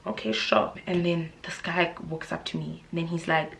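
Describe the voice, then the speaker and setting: A young woman with a South African accent, telling a casual storytime vlog in an animated, dramatic way, with shrill high voices for the people she quotes and hushed whispers for the tense parts. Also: normal speed, vocal fry. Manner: drops into hushed whispers when telling suspense. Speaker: YouTuber.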